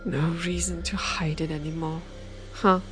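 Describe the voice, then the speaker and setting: A woman's voice: deep voice, little pitch movement, measured pace. A young woman acting a frightened but determined heroine in an audio drama, strained and urgent. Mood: tense. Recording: music playing under the voice.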